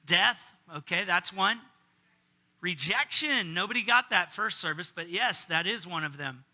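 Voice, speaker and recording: Middle-aged pastor guy, high voice, super bright, cracks jokes and chats with the crowd mid sermon. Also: animated, a little slow. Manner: casual, joking, talks with the congregation.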